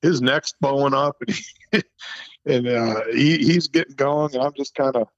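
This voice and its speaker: A man's voice: medium pitch, moderate pace, dry recording. A man in his fifties, a former football coach, telling stories as a guest, laughing often and acting out what people said. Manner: animated storyteller, laughs often, acts out quotes. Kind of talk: casual storytelling interview. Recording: dull lo-fi phone-call audio.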